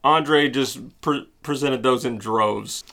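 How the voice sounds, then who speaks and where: A man co-hosting a casual podcast, joking, cursing lightly and tossing in quick asides. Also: medium pitch, vocal fry, pushed and bright. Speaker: podcast co-host.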